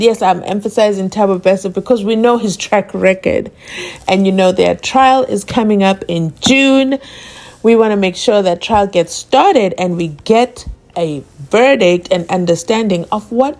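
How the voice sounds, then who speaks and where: Gravelly-voiced woman vlogger. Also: medium pitch. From South Africa. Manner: animated, rhetorical questions, laughs often. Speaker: channel host. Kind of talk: casual commentary vlog.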